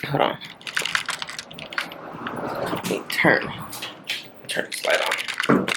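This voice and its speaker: A woman's voice: very slow, very noisy. A young woman chatting casually to camera in a vlog, rambling and laughing often. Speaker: beauty vlogger.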